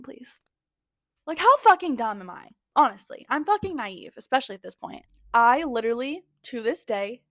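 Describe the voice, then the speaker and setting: A woman's voice: a little high, no room sound, clean studio sound. Chatty young woman telling dating stories. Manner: candid and profane, heavy use of "like"; animated, dramatic storytelling. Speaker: podcast host. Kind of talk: casual storytelling monologue.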